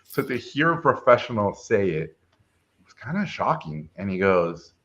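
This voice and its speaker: In a casual interview, a middle-aged film director tells a personal story, lively and acting out the voices of the people in it. His voice is lowish and his speed normal, and the recording has a dull lo-fi sound.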